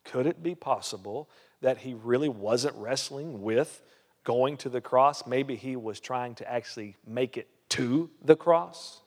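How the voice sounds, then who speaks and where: Man, pastor, sermon, emphatic rhetorical questions, average pitch, reverberant church hall. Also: unhurried.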